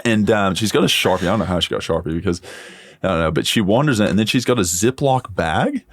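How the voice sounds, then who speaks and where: A man's voice: sits low, expressive, fast talker, dry recording, clean studio sound. A young man from the United States with a mixed American and Australian accent, telling stories loosely in casual chat full of fillers. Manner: laid-back storyteller, lots of fillers. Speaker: podcast host.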